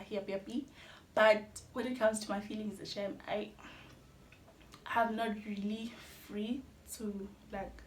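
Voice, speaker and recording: A woman's voice: medium pitch, darkish tone. Young South African woman, Xhosa-speaking accent, chatty confessional vlogger, roomy echo, faint hiss. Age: young adult. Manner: candid, chatty, mixes in Xhosa phrases, laughs between sentences. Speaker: YouTuber. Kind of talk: personal storytelling vlog.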